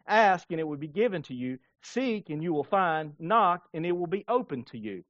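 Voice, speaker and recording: A man's voice: a little high, no room sound, lo-fi sound. A male pastor preaching a sermon, reading scripture and acting out stories with playful voices and laughter. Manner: animated, acts out scenes with playful voices and laughter.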